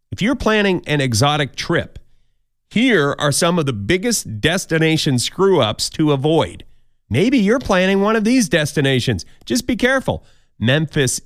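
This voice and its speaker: A man's voice: on the high side, dry recording, clean studio sound. A man hosting a podcast countdown of odd news stories, with jokey, wry asides. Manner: jokey, wry asides, mock quoted voices. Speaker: podcast host.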